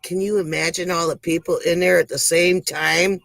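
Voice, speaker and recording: A man's voice: on the high side, flat delivery, normal speed, gravelly, fairly bright tone, dry recording, rough recording. A man playing a folksy country woman who hosts a comic joke report, rambling, out of breath and sighing between jokes. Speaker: comedy show host. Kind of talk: comic monologue.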